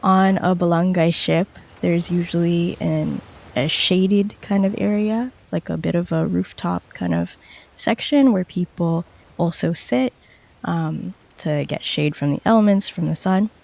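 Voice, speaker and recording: A player slowly narrating their character's actions in a tabletop game, with descriptive detail. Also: medium pitch, vocal fry, darkish tone. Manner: slow, descriptive.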